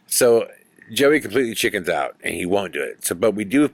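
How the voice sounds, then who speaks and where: A man hosting a podcast, telling a ghost story in an animated way that builds suspense. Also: lowish voice, brisk, dry recording. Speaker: podcast host.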